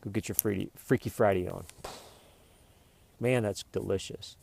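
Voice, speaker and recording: A man's voice: on the low side, steady tone, moderate pace, vocal fry, a little mellow, slight background noise. A man hosting his own vlog, talking in a rambling, jokey, meandering way. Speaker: vlogger.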